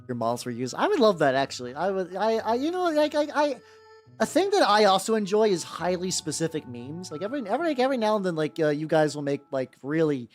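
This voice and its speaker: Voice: mid-range voice, sing-song, fast. A streamer from the United States chatting casually while painting miniatures, rambling and swearing often. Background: faint background music.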